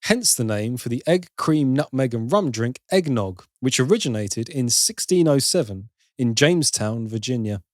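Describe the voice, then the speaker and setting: In a clean, echo-free studio recording, a male podcast co-host with a medium-pitched, animated voice reads trivia aloud at a moderate pace with hardly any pauses. Between facts he jokes around and swears casually in this laid-back chat.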